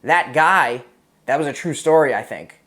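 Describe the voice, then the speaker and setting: A man's voice: on the high side, lively intonation, normal speed, a bit bright. Profane laid-back Massachusetts man. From Massachusetts, USA. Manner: profane, rambling, laid-back, frequent "man" and "you know". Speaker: Marine veteran guest. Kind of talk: casual storytelling interview.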